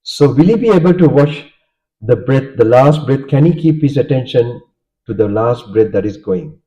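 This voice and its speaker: A man's voice: mid-range voice, lively intonation, moderate pace, dark tone. A Sri Lankan man, a native Sinhala speaker and Buddhist monk, giving a Dharma talk and often checking in with listeners by asking "okay?". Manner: asks the audience questions, checks in with "okay?". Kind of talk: Dharma talk with audience questions. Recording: dull lo-fi sound.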